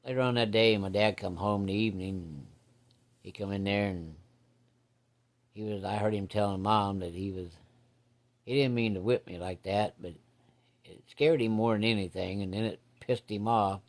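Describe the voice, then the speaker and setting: A man's voice: on the low side, moderate pace. Plainspoken man telling a salty story. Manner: plainspoken, rambling, salty farm-kid slang. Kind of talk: casual spoken childhood story.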